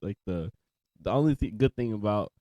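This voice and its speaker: A man's voice: lowish voice, expressive, normal speed, mellow, no echo. A young man co-hosting a podcast in a loose casual chat, trailing off, restarting and laughing often. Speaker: podcast co-host.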